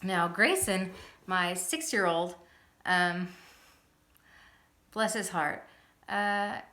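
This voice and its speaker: A woman in her thirties talks casually to a phone or camera on a stand in her living room, sharing her epilepsy journey in a chatty, upbeat way and laughing often. Her voice is lowish and sharp, fairly even in intonation, and extremely slow. The recording has a roomy home echo.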